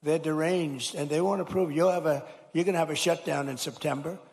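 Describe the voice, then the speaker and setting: A man's voice: on the high side, fairly even intonation, brisk. A man, a politician, giving a rambling, repetitive and emphatic rally speech from a podium mic in a large school hall. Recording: long hall reverb.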